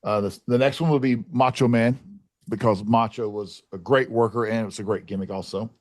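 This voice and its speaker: A man co-hosting a podcast, talking in a relaxed way with many pauses. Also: lowish voice, no echo. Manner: relaxed, with many fillers and restarts. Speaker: co-host. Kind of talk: casual podcast chat.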